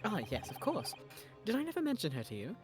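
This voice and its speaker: A smug, breezy great detective, read out by a host with lively, wide-swinging pitch. The delivery is playful and a bit theatrical. Background music plays clearly underneath. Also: quick pace. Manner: reads lines with playful flourishes, stumbles on long words. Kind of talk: casual script read-through of a game.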